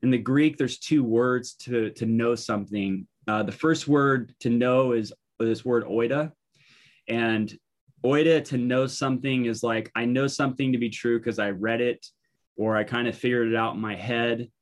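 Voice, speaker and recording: A man's voice: medium pitch, fairly even intonation, moderate pace. Casual, rambling male Bible teacher. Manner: informal, thinking aloud, frequent fillers and restarts.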